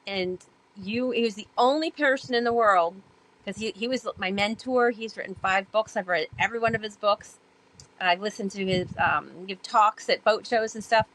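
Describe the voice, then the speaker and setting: A woman guest on a podcast telling her stories in a chatty way, with many fillers, and growing animated when she acts out past talk. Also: medium pitch, normal speed, poor audio. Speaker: podcast guest, sailor and author. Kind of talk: casual storytelling interview.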